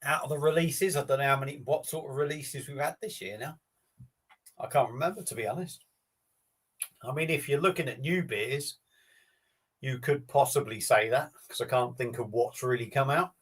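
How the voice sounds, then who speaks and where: A man hosts a relaxed live stream, talking off the cuff to viewers. His delivery is rambling and matey, with easy swearing thrown in. His voice sits at an ordinary middle pitch. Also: moderate pace, slightly rough. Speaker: beer review streamer. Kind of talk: casual live-stream chat.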